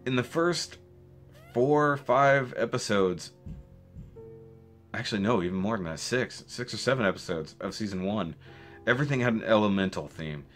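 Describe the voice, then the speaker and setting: A man recapping a show in a casual spoken review, rambling and excitable, with restarts and rhetorical questions. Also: fairly low pitch, normal speed, long pauses, soft background music. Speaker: video reviewer.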